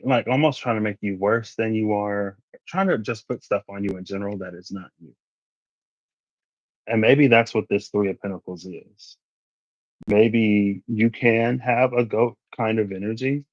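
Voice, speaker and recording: A man's voice: lowish voice, no room sound. A man giving a casual tarot reading, thinking aloud and wandering into asides. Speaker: tarot reader. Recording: dry, slightly muffled recording.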